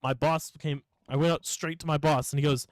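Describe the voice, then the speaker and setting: A man's voice: a little high, fairly even intonation, a little fast, no room sound, rough recording. A young man co-hosting a podcast, tipsy and ranting with lots of swearing as he tells a story. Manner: profane, ranting, acts out quoted people. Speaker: podcast co-host. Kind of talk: casual podcast chat.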